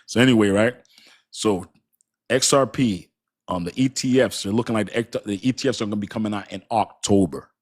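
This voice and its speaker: A man's voice: on the low side, a little fast. A man hosting a casual crypto livestream, talking straight to his chat in a hyped, repetitive way. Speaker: crypto channel host.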